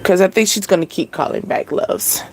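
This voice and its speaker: A woman's voice: mid-range voice, fast, faint music behind. A young woman hosting a spiritual channel, giving a casual live-stream reading in a chatty, laid-back way with frequent laughter.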